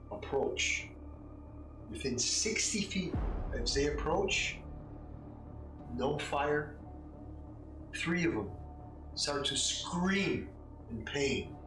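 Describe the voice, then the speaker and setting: Unhurried male game master, far from the mic, background music. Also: mid-range voice, expressive, a bit bright. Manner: slow, halting narration with pauses. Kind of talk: narrating a tabletop game. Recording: echoey room, mic at a distance, music behind.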